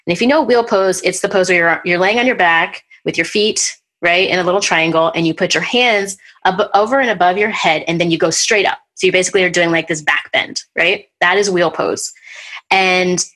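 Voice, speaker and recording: Animated storytelling woman podcast host. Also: on the low side, brisk. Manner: animated storyteller, acts out what people said. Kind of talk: casual chat, telling a personal story.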